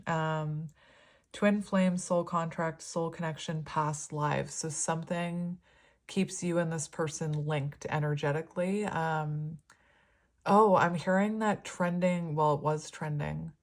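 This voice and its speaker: A woman's voice: low voice, fairly even intonation, takes it slowly. A woman giving a casual, rambling tarot reading, her words slightly slurred. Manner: rambling, chatty, laughs often. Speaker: tarot reader.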